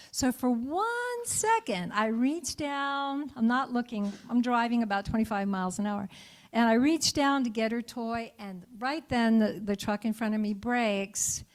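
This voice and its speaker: A middle-aged female minister preaches informally in the sanctuary, weaving a story, drawing out her congregation's thoughts, and laughing frequently. She speaks in a mid-range, slightly mellow voice.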